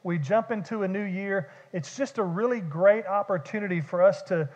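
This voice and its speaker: Male pastor, high voice, chatty self-mocking sermon, dull recording with long church reverb. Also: normal speed, darkish tone. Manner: casual, joking, self-deprecating preaching. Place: church sanctuary.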